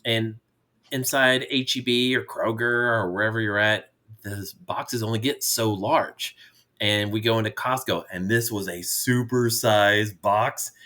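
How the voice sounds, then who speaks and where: A man's voice: lowish voice, steady tone, unhurried, sharp tone. A middle-aged man co-hosting a casual chat with his daughter, telling rambling, jovial stories. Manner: jovial storyteller, rambling with restarts. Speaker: podcast co-host, father.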